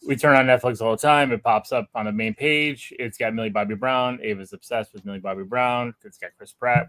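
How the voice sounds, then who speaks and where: A man's voice: medium pitch, a bit bright. A middle-aged man hosting a podcast, talking earnestly and growing indignant as he reads reviews. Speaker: podcast host. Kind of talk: casual chat.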